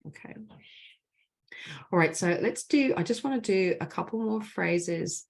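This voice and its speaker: Soothing low-voiced woman leading a healing call. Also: expressive, measured pace, vocal fry. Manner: gentle, soothing, affirming, with many "right?" tags. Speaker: spiritual mentor leading a group call. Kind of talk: guided group clearing session. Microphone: online video call.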